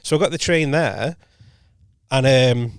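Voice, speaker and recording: Male podcast co-host, mid-pitched, rambling storyteller who keeps correcting himself and acts out quoted lines softly, dry close studio mic. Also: measured pace, smooth, dry recording. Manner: rambling anecdote, frequent self-corrections and quoted dialogue. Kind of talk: casual storytelling chat.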